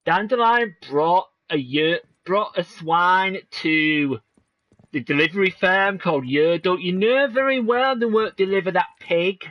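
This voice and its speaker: A man's voice: high voice, a little slow, dry recording, muffled recording. A man streaming a video game, chatting in rambling, joking asides. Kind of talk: casual game commentary. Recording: voice over game music.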